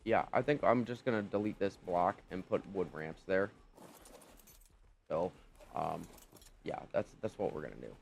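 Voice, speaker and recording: A young man commentating his gameplay, his pitch leaping up and down as he rants in disbelief. He swears freely and sounds thoroughly exasperated. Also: expressive, moderate pace, gravelly, long pauses, a little hiss or hum. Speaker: gaming channel host.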